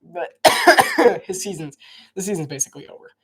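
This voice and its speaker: A man's voice: sits high, wildly swooping pitch, normal speed, a bit bright, husky. A man doing casual live football commentary, rambling and restarting his sentences, coughing often. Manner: rambling, repeats himself, frequent restarts. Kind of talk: casual live play-by-play and opinion chat.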